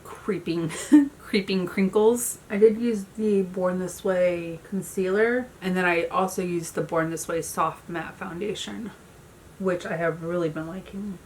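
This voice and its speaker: A woman's voice: fairly low pitch, steady tone, a little slow, darkish tone, slight background noise. A woman in her thirties chatting casually at home while doing her makeup, a storyteller who fills her talk with "like". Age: 30s. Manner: chatty storyteller, many "like" fillers. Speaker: beauty vlogger. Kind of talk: casual makeup tutorial chat.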